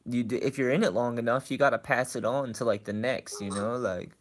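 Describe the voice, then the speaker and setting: A man's voice: mid-range voice, fairly even intonation, brisk, a little hiss or hum. A man hosting a podcast, chatting casually and agreeably with his guest. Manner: laid-back, agreeable, short reactions. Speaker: podcast host. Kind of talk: casual chat.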